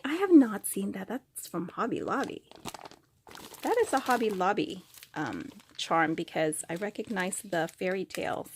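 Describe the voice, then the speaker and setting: A woman's voice: mid-range voice, lively intonation, moderate pace. Gushing woman unboxing craft mail. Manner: gushing, gasps and exclaims often. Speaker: craft vlogger opening happy mail. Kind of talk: excited unboxing chat. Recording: faint crinkling paper noise.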